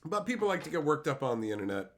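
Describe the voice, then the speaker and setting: A man's voice: fairly high pitch, sing-song, very fast, a bit bright. A young man streaming and answering chat in a crude, profane, mocking way, ranting and laughing at his own jokes.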